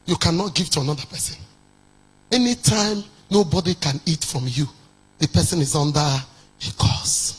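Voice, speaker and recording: A man preaching a sermon, firing off rhetorical questions and rising into shouted decrees. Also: fairly high pitch, normal speed, breathy edge. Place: church.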